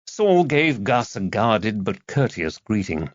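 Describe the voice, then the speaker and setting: Male narrator, low voice, expressive, dull dry lo-fi sound. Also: takes it slowly, dry recording. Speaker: audiobook narrator. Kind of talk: scripted narration.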